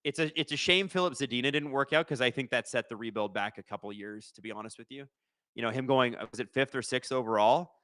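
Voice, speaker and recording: Bright-voiced man streaming. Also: mid-range voice, fast talker, no room sound. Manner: jokey, reads viewer comments aloud. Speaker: host of a live watch-along stream. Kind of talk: casual live-stream chat and play-by-play.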